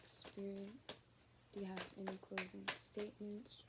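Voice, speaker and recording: A woman's voice: medium pitch, completely flat delivery, unhurried, heavy background noise. A woman giving a casual, rambling spiritual reading to her viewers, often dropping to a near-whisper. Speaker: spiritual card reader.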